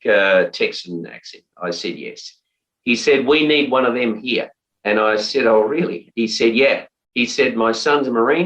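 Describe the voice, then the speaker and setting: Low-voiced Australian man, measured and halting. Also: fairly bright tone, dull audio. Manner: measured, frequent "uh" pauses and restarts. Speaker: interviewee, former defence minister. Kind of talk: reflective interview answer.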